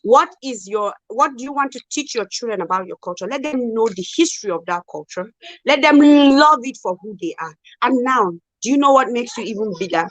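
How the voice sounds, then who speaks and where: Woman, co-host, emphatic and argumentative, higher voice, dry close mic. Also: a little fast, no room sound. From Nigeria. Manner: emphatic, animated, rhetorical questions. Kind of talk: casual live chat.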